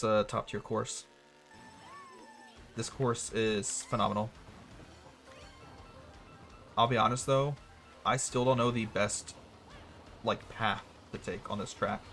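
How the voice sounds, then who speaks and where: A man's voice: mid-range voice, creaky, fairly bright tone. A man casually commentating a racing game livestream, chatty and self-mocking, with hiccups and a little wheezing. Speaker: streamer.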